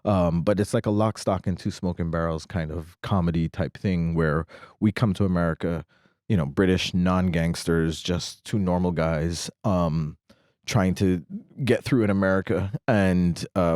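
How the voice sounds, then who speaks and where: A middle-aged man from Barbados, telling stories as a podcast guest, animated and often laughing. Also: sits low, a little slow, clean tone, no echo, clean studio sound. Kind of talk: casual storytelling chat.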